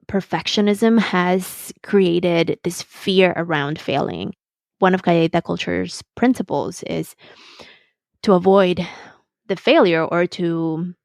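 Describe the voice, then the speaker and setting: A woman's voice: medium pitch, darkish tone, no room sound, clean studio sound. A woman hosting her podcast, reflecting in a thoughtful way and slipping Spanish words into her English. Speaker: podcast host. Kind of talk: reflective solo podcast talk.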